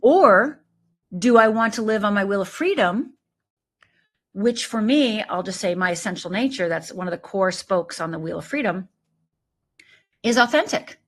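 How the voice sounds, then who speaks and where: A middle-aged woman, a life coach, talking in an animated, emphatic way as an interview guest. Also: medium pitch, moderate pace, long pauses. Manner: animated, emphatic, lively storytelling with quoted voices. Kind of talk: conversational interview.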